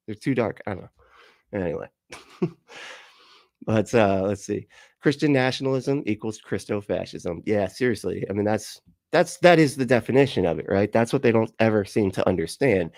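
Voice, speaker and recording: A man's voice: on the low side, a little mellow, dry recording. A man ranting and laughing through live reaction commentary, profane and exasperated, on a close mic. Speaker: commentary streamer.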